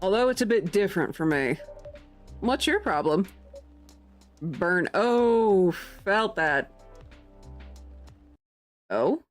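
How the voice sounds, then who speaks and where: A woman streaming a game and chatting casually, her pitch swinging widely as she gets excited and laughs. She talks in a slow, unhurried way, stretching out her exclamations. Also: soft background music. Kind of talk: casual gameplay commentary.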